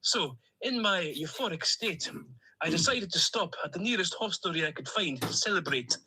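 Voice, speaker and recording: A man's voice: high voice, lively intonation, normal speed, bright, forceful tone, a little hiss or hum, exaggerated voice, low-quality recording. A man voicing a chatty male plastic toy duck with a Stornoway Scottish accent, telling his misadventures in a rambling, cheerfully self-pitying way. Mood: cheery, rambling. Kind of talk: comic character monologue.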